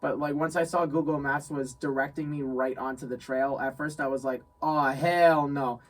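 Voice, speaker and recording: A young man from New York telling a story in casual chat, animated, laughing often and repeating phrases. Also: mid-range voice, fairly quick, far from the mic, rough recording. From New York State. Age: young adult. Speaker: guest friend.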